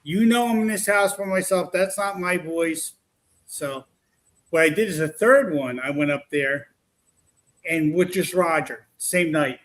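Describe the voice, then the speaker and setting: A man's voice: a little high, measured pace. A man casually telling a long, rambling story about his paranormal investigations, full of restarts. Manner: rambling, animated retelling with restarts.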